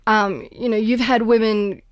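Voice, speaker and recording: A woman's voice: on the high side, fairly even intonation, unhurried, clear, resonant tone, no echo. A woman co-hosting a podcast, speaking earnestly and thoughtfully, often restarting her sentences. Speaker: podcast co-host. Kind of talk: casual podcast discussion.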